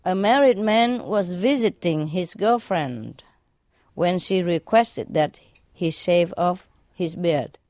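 A woman's voice: lowish voice, expressive, slow pace, darkish tone, no echo. A woman reading jokes aloud in a casual way, laughing at her own punchlines. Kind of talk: casual joke telling.

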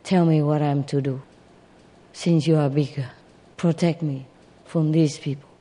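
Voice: mid-range voice, steady tone, measured pace, mellow, lightly acted. A storyteller voicing a frightened runaway goose who sighs, pleads and quacks. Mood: pleading. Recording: long hall reverb.

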